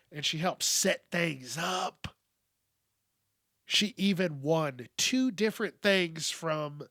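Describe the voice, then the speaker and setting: A man hosting a podcast, speaking in a candid, reflective monologue that is full of cursing, with frequent pauses and soft trailing-off. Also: high-pitched, no room sound, studio quality. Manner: candid, profane, pauses often and trails off softly. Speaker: podcast host.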